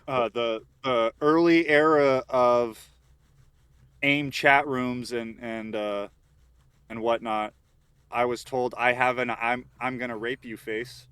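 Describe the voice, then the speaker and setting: A man, a podcast guest, talking in casual chat with dry, understated, halting remarks. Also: medium pitch, steady tone, a bit bright, clear, resonant tone, dry recording.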